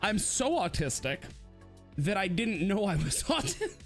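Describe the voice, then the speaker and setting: A man with a fairly high voice co-hosts a loose live-stream podcast. He talks in animated, swooping bursts, laughs a lot and drops into mocking impressions. Faint music plays underneath. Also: normal speed. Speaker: podcast co-host. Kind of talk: casual live-stream chat.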